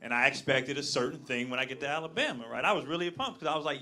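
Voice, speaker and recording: A man performing a live stand-up set on a comedy club stage, telling stories loudly and acting out voices into a handheld mic. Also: mid-range voice, fast. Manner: loud, animated storytelling with acted-out voices. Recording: live club crowd and noise.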